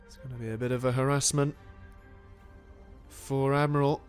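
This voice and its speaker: Excitable man calling a strategy match. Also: mid-range voice, moderate pace, soft background music. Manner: excitable, animated play-by-play with frequent exclamations. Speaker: game commentator. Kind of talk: live strategy game commentary.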